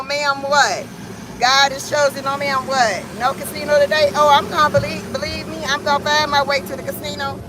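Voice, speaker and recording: Brief: middle-aged woman from Cleveland, Ohio, high voice, salty and talkative livestream host, road and wind noise behind. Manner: chatty, profane, laughs often, talks to viewers. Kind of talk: casual livestream chat. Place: inside a moving car. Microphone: phone livestream.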